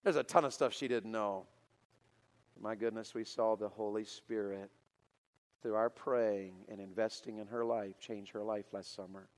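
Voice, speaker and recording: Pastor type, storytelling sermon to a youth crowd, lively and builds to loud excitement. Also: male voice, lowish voice, moderate pace, big-room sound.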